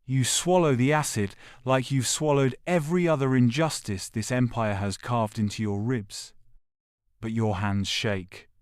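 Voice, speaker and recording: Slow, grave male narrator. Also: mid-range voice, smooth, no echo, studio quality. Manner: grave, measured, short clipped phrases. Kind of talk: scripted second-person audio drama narration.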